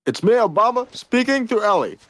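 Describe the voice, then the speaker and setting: A man's voice: very animated, a little fast, dry recording. A man doing a joking impression of a former president, chatting playfully in a raised voice. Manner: joking, higher pitched impression.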